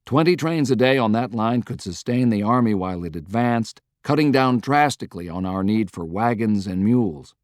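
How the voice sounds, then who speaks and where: A brisk, businesslike Union railroad general in an audiobook, middle-aged and determined, as a narrator voices him, laying out plans in a fairly low voice. The sound is dry and close, with no room around it. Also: male voice, a little mellow, dry recording, lightly acted. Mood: earnest.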